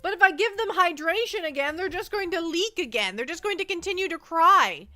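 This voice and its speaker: A woman's voice: very high-pitched, expressive, fairly quick, bright, forceful tone, soft background music. A woman streamer chatting casually and rambling, often repeating her words as she answers chat. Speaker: livestreamer.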